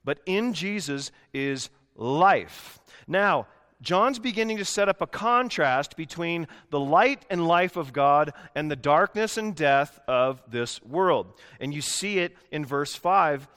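A man's voice: on the high side, a bit bright, smooth, long reverb tail. A man preaching a sermon as pastor in a church, emphatic and given to repeating key words for weight. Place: church sanctuary.

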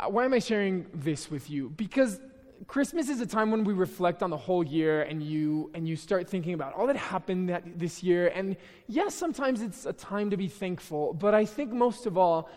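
High-voiced young man preaching in a hall. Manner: chatty, self-deprecating, with many restarts. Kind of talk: casual conversational sermon. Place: church hall.

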